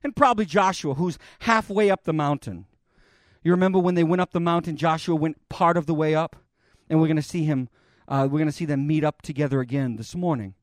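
A man preaching a sermon, dramatic and expressive as he retells a scripture scene. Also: fairly high pitch, fairly quick, no echo, clean studio sound. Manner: dramatic, voices God and Moses in the retelling.

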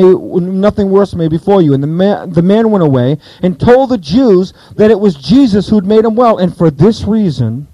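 A man preaching a conversational sermon, his voice high and very lively as he acts out the voices in the stories. His tone is mellow and warm. The sound is close and dry. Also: no echo, poor audio. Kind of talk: expository sermon.

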